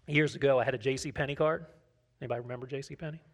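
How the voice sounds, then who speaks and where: Conversational pastor preaching. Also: male voice, medium pitch, fairly even intonation, very fast. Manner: conversational, asks the congregation questions; tells personal anecdotes, acts out dialogue. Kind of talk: sermon.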